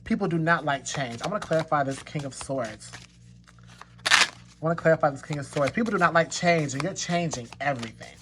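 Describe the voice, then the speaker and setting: A man's voice: a little high, brisk, noisy background. A man giving a pick-a-card tarot reading to his viewers, talking emphatically and repeating his points to reassure them, with bursts of laughter. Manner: emphatic and repetitive, reassuring the listener; slips into laughter and exclamations. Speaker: tarot reader.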